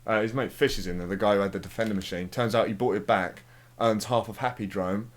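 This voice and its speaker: A young man with a lowish voice talks fast as he plays a game, telling a rambling, sweary story packed with fillers. He's a let's play commentator keeping the chat casual over the gameplay.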